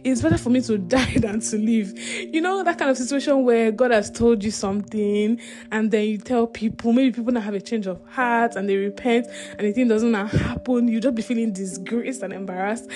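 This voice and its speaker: A woman's voice: on the high side, fairly quick, a little mellow, faint music behind. Chatty woman retelling a Bible story. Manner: chatty, laughs often, many "you know" fillers. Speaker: Bible study leader.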